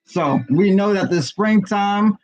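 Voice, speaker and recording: A man's voice: high voice, slow, darkish tone. A man from Brooklyn, co-hosting a live spiritual reading stream in a casual, preachy and affirming way, speaking to viewers as family. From Brooklyn, New York. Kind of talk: casual livestream chat with spiritual teaching. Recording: dull lo-fi livestream audio.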